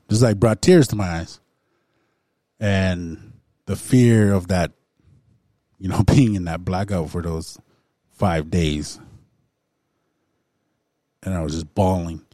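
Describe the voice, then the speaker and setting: A deep, mellow male voice telling his own story in a recovery circle. He talks in a halting way, with many fillers and frequent throat-clearing. The sound is close and dry. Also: no echo. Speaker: recovery group member sharing. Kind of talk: personal testimony in a recovery circle.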